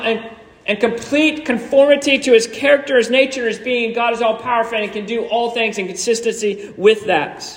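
High-voiced preacher in a reverberant hall. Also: male voice, fairly bright tone. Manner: emphatic, repeats short declarations. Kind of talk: sermon. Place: church.

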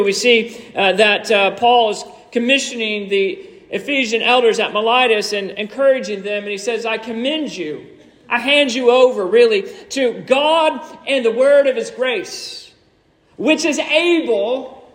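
High-voiced preacher in a reverberant hall. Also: male voice, a bit bright. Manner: emphatic, repeats short declarations. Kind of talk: sermon. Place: church.

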